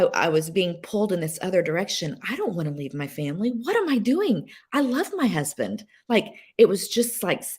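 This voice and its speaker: A woman guest sharing a personal story on a podcast, emotional and halting, with many fillers and restarts. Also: on the low side, darkish tone. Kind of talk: candid personal testimony.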